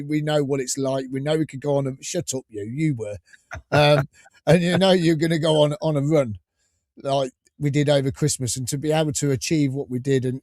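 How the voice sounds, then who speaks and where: A man's voice: mid-range voice, darkish tone, no room sound. Chatty man hosting a dry-sounding fan podcast. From England. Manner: chatty, repeats words as he restarts sentences. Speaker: podcast host. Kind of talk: casual fan podcast chat.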